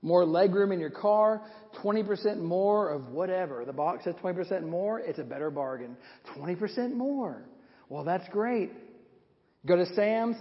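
Male preacher, sermon, emphatic, high-pitched, dull lo-fi sound, long hall reverb. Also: animated, moderate pace. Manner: emphatic, rhetorical questions, repeats words for stress.

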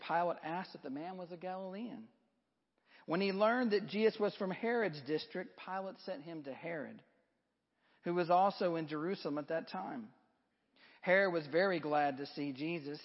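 A man giving a dramatic scripture reading, rising loud for the crowd's lines and dropping soft for the narration. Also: high-pitched, in a large hall, lo-fi sound. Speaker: scripture reader.

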